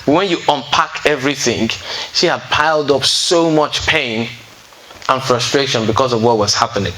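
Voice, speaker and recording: A man with a mid-range, slightly bright voice speaks at a moderate pace in a rough recording. He's a relationship speaker at a singles fellowship, teaching a seated audience in a room. His style is conversational: he checks in with listeners often and shares stories from counseling sessions.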